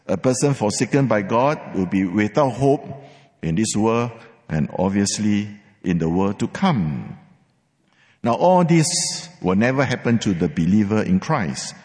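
A man's voice: on the low side, lively intonation, measured pace, a little mellow. Emphatic male preacher in a reverberant hall. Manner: emphatic, repeats words for stress, some uh fillers. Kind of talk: sermon.

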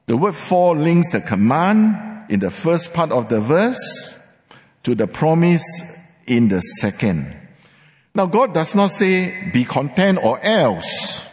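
A man's voice: fairly high pitch, big pitch swings, takes it slowly, a little mellow. A man preaching a sermon, emphatic, repeating words for stress, with some fillers. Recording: long hall reverb.

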